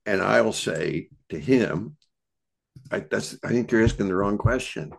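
A man's voice: fairly low pitch, lively intonation, unhurried, vocal fry, slightly rough, faint music behind. A man talking as a podcast guest in casual conversation, reflective and searching for his words.

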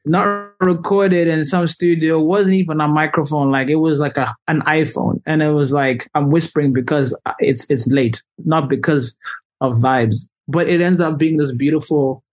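A man's voice: on the high side, normal speed. Chatty young man telling a story. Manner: animated, loose, heavy use of "like". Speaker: musician guest. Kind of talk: casual storytelling interview.

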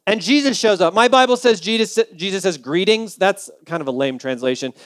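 A man's voice: high-pitched, animated, brisk, a bit bright, no room sound. A male pastor preaching a sermon in a conversational, humorous storytelling way.

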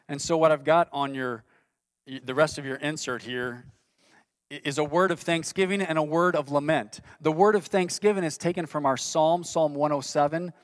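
A man's voice: medium pitch, no room sound. A man preaching a sermon in an earnest way, reading scripture aloud with rising intensity. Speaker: pastor.

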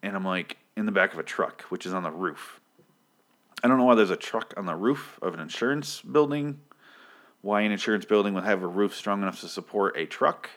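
A man with a somewhat low voice recaps a TV episode in a loose, rambling way. He is sardonic and swears freely, sometimes jumping into brief acted-out outbursts for the characters. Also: fairly bright tone. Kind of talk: casual spoken recap, rambling.

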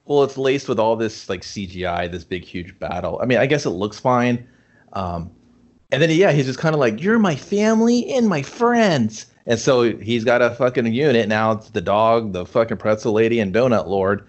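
A man's voice: on the low side, moderate pace, dull audio. A man in casual chat reviewing a movie, rambling and profane, acting out scenes. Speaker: podcast co-host reviewing a movie.

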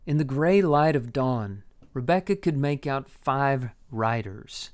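A man reading a story aloud in measured, unhurried audiobook narration. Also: mid-range voice, expressive, a little mellow.

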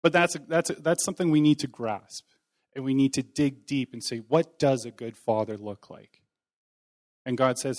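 A man speaking to a congregation in a relaxed, chatty way, as if talking with friends. His pitch sits in an ordinary middle range. He mixes gentle humor about himself into his preaching, and it comes across as unpolished and sincere. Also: moderate pace. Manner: conversational, folksy, self-deprecating humor. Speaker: lay preacher. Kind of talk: informal sermon.

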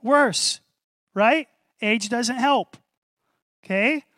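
A man preaching a sermon to a congregation, animated, repeating key phrases and calling for responses. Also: extremely high pitch, very slow, dry recording, studio quality. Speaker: pastor.

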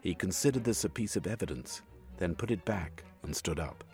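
A man reading scripted narration for an audiobook with expressive, varied intonation. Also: low voice, brisk, faint music behind.

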